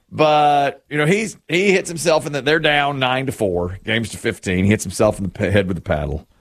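A man casually telling a funny anecdote, acting out what people said and laughing along. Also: on the low side. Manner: animated anecdote teller, acts out quoted lines, laughs often. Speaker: co-host telling a story. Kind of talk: casual storytelling chat.

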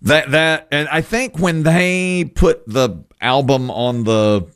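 A man's voice: on the high side, slow pace, clear, resonant tone. A middle-aged man hosting a casual podcast chat, chatty and telling stories. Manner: chatty storyteller, lively and animated. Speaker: podcast host.

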